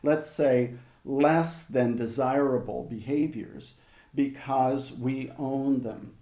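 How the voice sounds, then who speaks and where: An older man working as a hypnotherapist, telling stories in an interview in a measured, conversational way with frequent restarts. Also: medium pitch, steady tone, mellow, roomy sound. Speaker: hypnotherapist guest. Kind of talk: reflective storytelling in an interview.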